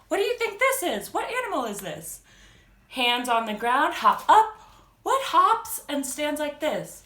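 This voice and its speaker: A children's storytime host reads a picture book aloud and leads simple yoga poses, playful and full of animal sounds. Her voice sits high and is sing-song, slow, bright and forceful. The room gives it a roomy echo.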